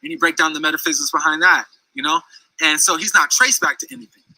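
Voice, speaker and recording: A man's voice: fairly high pitch, fast, pushed and bright, dry recording, poor audio. Heated, rambling man telling a story. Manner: heated, rambling, many restarts and "you know what I'm saying". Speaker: storyteller recounting a dispute. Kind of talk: casual storytelling.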